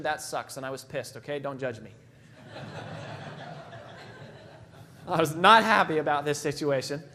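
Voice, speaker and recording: A man delivers a motivational keynote in a loose, conversational way. His voice sits high for a man. He pokes fun at himself and often restarts his sentences. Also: fairly bright tone. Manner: conversational, self-deprecating, frequent restarts. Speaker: motivational speaker. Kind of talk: keynote talk with personal stories.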